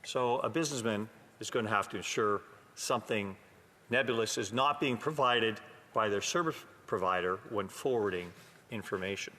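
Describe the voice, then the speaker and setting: A man's voice: lowish voice, moderate pace, pushed and bright. A man, a member of parliament from Canada, giving a pointed, sometimes sarcastic speech in a legislative chamber. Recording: long hall reverb.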